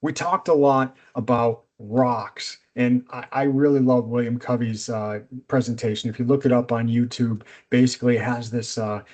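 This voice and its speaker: A middle-aged man presenting a business seminar as a coach, speaking in a direct, energetic, instructive way. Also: mid-range voice, moderate pace, few pauses.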